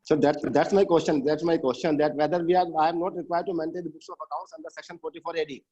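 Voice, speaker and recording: A man's voice: fairly high pitch, fairly even intonation, fast, mellow, husky, highs cut off. A man, a webinar participant who insistently presses his question over a video call.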